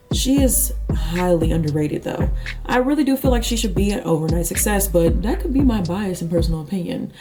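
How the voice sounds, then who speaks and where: A woman talking as a YouTube music commentator, casual and chatty with playful, sarcastic asides. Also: lowish voice. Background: background music.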